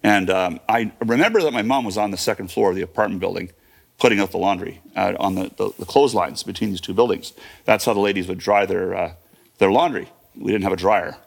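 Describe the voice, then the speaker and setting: A man's voice: deep voice, quick pace, gravelly. A man in his fifties telling a personal story in a vivid present-tense retelling, with fillers and restarts. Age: 50s. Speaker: guest.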